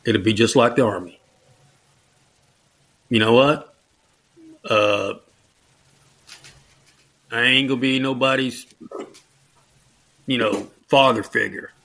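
A man's voice: medium pitch, takes it slowly, pauses often, fairly bright tone. A middle-aged man, a retired Army officer turned JROTC instructor, telling anecdotes in a casual interview, mimicking the people he quotes in a raised voice and chuckling as he goes. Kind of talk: storytelling in a conversational interview.

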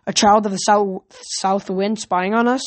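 A woman's voice: medium pitch, fairly even intonation, measured pace, no echo, natural voice. A woman reading the part of a vain, bossy winged guard who serves the north wind, speaking in a haughty, commanding way.

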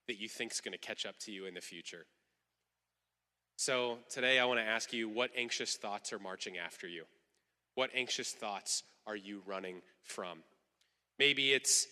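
Animated preaching man, bright voice, echoing hall. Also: medium pitch. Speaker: pastor. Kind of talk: sermon.

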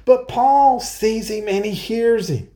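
A man preaching an earnest verse-by-verse sermon, explaining scripture and reading passages aloud slowly. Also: high-pitched, warm tone. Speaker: pastor. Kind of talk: Bible-teaching sermon.

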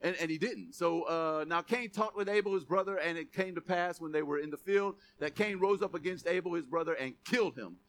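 A man's voice: a little high, brisk, few pauses, a bit bright. A male pastor preaching a sermon in a conversational, punchy style, joking and checking in with the congregation. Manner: conversational, punchy, asks the congregation "Amen?" and "right?"; joking, chuckles often.

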